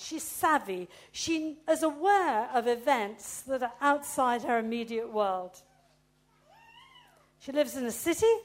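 A woman teaching a Bible lesson, giving clues one by one and then quizzing her listeners. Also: sits high.

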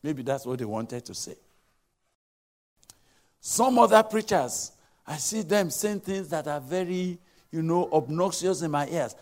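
A man preaching a sermon, emphatic and repetitive, swinging between loud exhortation and hushed asides. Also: fairly high pitch, animated, unhurried.

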